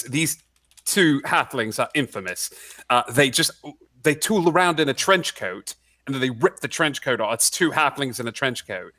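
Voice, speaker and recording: Guy player rambling with lots of ums, bright tone, dry mic. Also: mid-range voice, no room sound. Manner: rambling, hesitant, with many fillers. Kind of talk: casual tabletop play.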